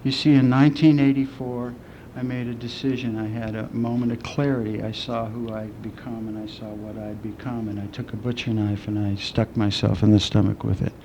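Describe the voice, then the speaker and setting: A middle-aged man speaking at a recovery meeting, telling his own story with candid, self-mocking dark humor. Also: on the low side, flat delivery, brisk, slight background noise. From southwestern United States. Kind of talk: personal recovery talk.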